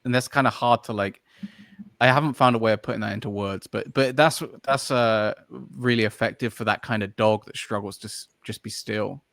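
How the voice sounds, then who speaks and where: A man's voice: lowish voice, fairly even intonation, normal speed, vocal fry, a bit bright, no room sound, clean studio sound. A man guesting on a podcast, talking casually and at length, full of fillers and restarts as he searches for words. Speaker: podcast guest, dog trainer. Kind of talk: casual interview chat.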